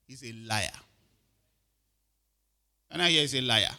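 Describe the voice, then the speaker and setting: A man's voice: mid-range voice, slow, creaky, pushed and bright, smooth. A middle-aged man preaching a sermon, often asking if listeners are following and repeating his words. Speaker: pastor.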